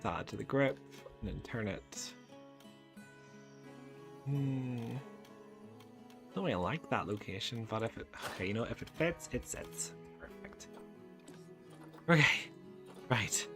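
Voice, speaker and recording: A man's voice: mid-range voice, lively intonation, measured pace, long pauses. Chatty man playing a game. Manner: chatty, narrates his own clicks and talks fondly to the animals. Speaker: gaming YouTuber. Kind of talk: casual game commentary. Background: game background music.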